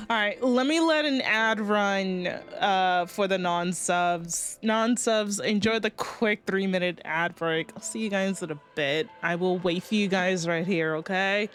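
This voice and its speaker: Woman streaming a game, casual rambling talk, slow pace, soft music behind. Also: mid-range voice. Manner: rambling, many fillers, swearing, excited outbursts. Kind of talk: casual live-stream commentary.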